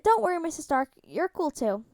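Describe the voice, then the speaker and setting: A woman's voice: very high voice, big pitch swings, normal speed, no room sound, clean studio sound, pitched above the performer's own voice. A woman voicing a sweet, drowsy teenage boy with slurred, gushing, childlike speech in a fan audiobook reading.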